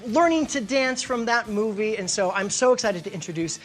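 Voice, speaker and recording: A man's voice: high voice, expressive, brisk, faint music behind. A man hosting a talk show before a live audience, playful and self-deprecating. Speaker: host.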